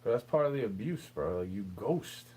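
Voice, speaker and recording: Expressive and brisk, with a mellow, slightly rough mid-range voice, a young man vents directly to the listener in a meandering, aggrieved monologue, tossing in "bro" again and again. It's an unscripted rant recorded in poor audio.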